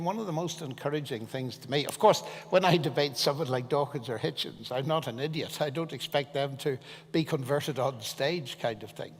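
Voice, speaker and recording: An older man from Ireland, a guest speaker answering questions on stage in an earnest, measured, emphatic way. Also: fairly high pitch, vocal fry, big-room sound, a little hiss or hum. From Northern Ireland. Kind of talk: public discussion on stage.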